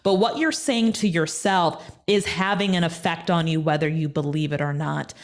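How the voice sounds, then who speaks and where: Her voice is low and her speed normal. She's a TV personality and speaker being interviewed by call, and she comes across as energetic and emphatic, motivating listeners and repeating points to drive them home.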